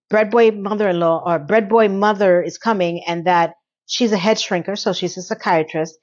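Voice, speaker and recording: Chatty opinionated woman with a dull lo-fi sound. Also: fairly low pitch. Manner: chatty and opinionated, rambling asides; acts out characters' lines in quick quotes. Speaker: TV recap reviewer. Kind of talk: casual recap commentary.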